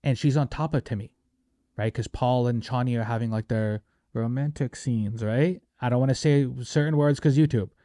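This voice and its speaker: A man's voice: mid-range voice, normal speed, dry recording, clean studio sound. A young man hosting a casual movie review podcast, joking around and acting out quotes in silly voices. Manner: animated, jokey, acts out quotes in silly voices. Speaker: podcast host.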